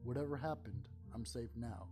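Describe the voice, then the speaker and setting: A man reading a first-person horror story aloud in a calm narrating voice. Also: medium pitch, moderate pace, music in the background.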